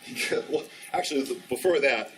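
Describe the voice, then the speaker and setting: A man's voice: medium pitch, brisk, a bit bright, distant mic, slight background noise, rough recording. A man in his fifties giving a training talk, telling a story animatedly and acting out the dialogue. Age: 50s. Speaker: ski instructor trainer. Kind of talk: storytelling presentation.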